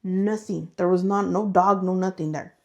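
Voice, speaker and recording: On slightly dull-sounding audio, a woman with a fairly low voice talks at a moderate pace. As a podcast co-host, she casually tells ghost tales, bringing them to life by imitating voices and noises.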